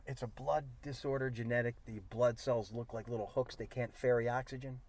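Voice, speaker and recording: A middle-aged man hosting a casual chat in a car, an excitable, joking storyteller. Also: medium pitch, fairly quick, no echo. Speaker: TV host. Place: inside a car.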